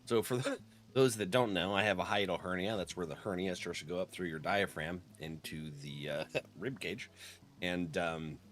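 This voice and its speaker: A man chatting casually with viewers while streaming a game, laughing often and clearing his throat. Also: deep voice, normal speed, a bit bright. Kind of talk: casual live-stream chat.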